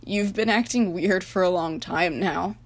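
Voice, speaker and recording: Lady doing a shy anxious young guy figure, stammers, a bit raspy-gravelly. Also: fairly low pitch, unhurried. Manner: nervous, stammering. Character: young, shy, anxious male personified nation.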